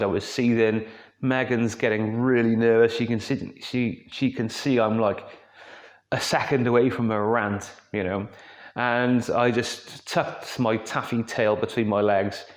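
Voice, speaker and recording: Welsh man telling a chatty story in a roomy space. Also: on the low side. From Wales. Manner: chatty, rambling, with frequent asides and fillers. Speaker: host. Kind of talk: casual anecdotal storytelling. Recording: roomy echo with faint music.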